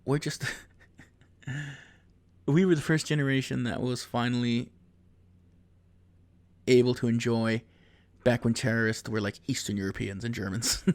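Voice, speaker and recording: A man's voice: medium pitch, fairly even intonation, normal speed, pauses often, dry recording. Profane rambling man in his thirties. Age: 30s. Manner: profane, rambling, laughs at own jokes. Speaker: podcast host. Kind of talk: casual comedic monologue.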